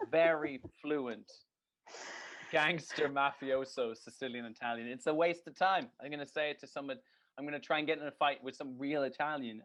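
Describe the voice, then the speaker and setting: A man's voice: medium pitch, fairly bright tone. A man co-hosting a podcast in casual chat, rambling and joking with plenty of swearing. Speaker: podcast co-host.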